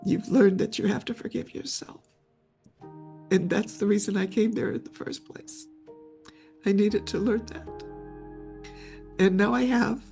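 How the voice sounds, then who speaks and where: An older woman, a memoir author appearing as an interview guest, haltingly tells a personal story and repeats words as she grows tearful. Her mid-range voice is creaky and dark, with fairly even intonation. Soft music plays in the background.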